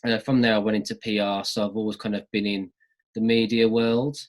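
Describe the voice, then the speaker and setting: A man's voice: on the low side, level tone, brisk, poor audio. A man hosting his own podcast, rambling and jokey as he introduces it from a room upstairs at home over a video call. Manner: jokey, self-mocking, rambling. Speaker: podcast host. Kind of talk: casual chat.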